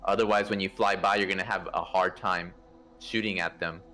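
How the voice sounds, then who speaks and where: Man coaching a squad, bright tone. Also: deep voice, fairly quick. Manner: instructive, relaxed, many fillers and restarts. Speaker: play-test organizer directing pilots. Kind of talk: casual game coordination over voice chat.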